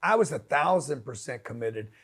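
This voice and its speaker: A man's voice: medium pitch, expressive, moderate pace, fairly bright tone, slightly rough. A middle-aged man giving a blunt, pushy motivational talk in slangy street language. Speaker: business speaker.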